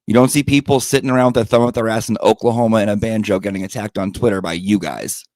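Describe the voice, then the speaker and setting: Sassy, profane low-voiced man. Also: steady tone, fast, a little mellow, no room sound. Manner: sassy, profane, dramatic retelling of quarrels. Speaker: podcast host. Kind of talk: profane storytelling monologue.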